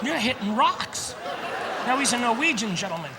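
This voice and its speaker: A man performing a stand-up comedy routine on stage, animated and often shouting his punchlines. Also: very high voice, moderate pace, long reverb tail, over a noisy crowd, very noisy. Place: large theater stage. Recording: live theater with audience laughter.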